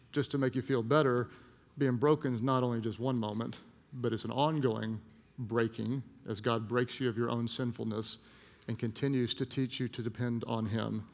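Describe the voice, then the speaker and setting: A male pastor delivers a sermon in a gravelly voice, his words ringing through the long reverb of a large auditorium. He tells a personal story, hammers phrases through repetition, and sinks to a soft, slow voice at the tender moments. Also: mid-range voice.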